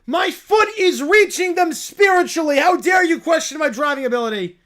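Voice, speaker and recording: Tiny cartoon bear, high-pitched, yelling holy nonsense, big swoops. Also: male voice, animated, normal speed. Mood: zealous. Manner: shrill, wildly enthusiastic proclamations. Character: excitable little male bear, pizza-church zealot.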